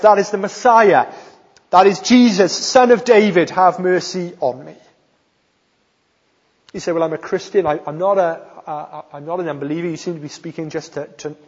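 A man's voice: on the high side, darkish tone, slightly rough. A man from South Wales with a Welsh accent, preaching a sermon with emphatic stresses on key phrases. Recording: long hall reverb, dull sound.

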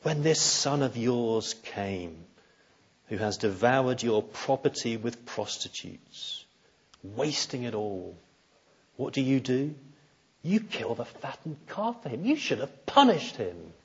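A preacher voicing a bitter, resentful older brother. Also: male voice, medium pitch, very animated, slow pace, husky, highs cut off, exaggerated voice. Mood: indignant. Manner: bitter, indignant, accusing.

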